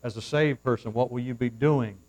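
A male pastor preaching a sermon from the pulpit, swinging from hushed asides to loud, fervent surges and reading scripture in formal old-fashioned wording. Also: medium pitch, brisk, rough recording. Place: church, at the pulpit.

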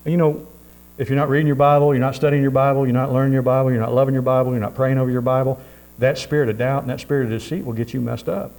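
A man's voice: mid-range voice, little pitch movement, rapid-fire, darkish tone, rough recording. Preacher guy, folksy sermon, lots of amens, bit of mains hum behind him.

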